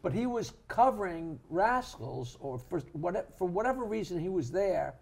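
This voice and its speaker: An older man, a comedian co-hosting a podcast, telling animated, jokey stories in casual chat. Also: high voice, normal speed, vocal fry, crowd noise. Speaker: co-host comedian. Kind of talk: casual storytelling.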